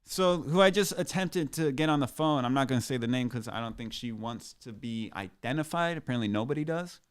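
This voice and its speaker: A man's voice: mid-range voice, expressive, fairly quick, clear, resonant tone. Sarcastic, boastful man hosting a podcast. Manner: self-aggrandizing, sarcastic, rambling. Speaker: podcast host. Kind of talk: mock-grandiose comedic podcast monologue.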